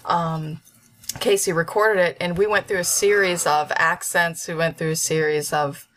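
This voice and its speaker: Woman guest, hesitant talker with lots of fillers, a little low-pitched; casual interview chat. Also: steady tone, moderate pace, a bit bright. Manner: hesitant, many fillers and restarts. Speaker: voice actor guest. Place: at home with a dog.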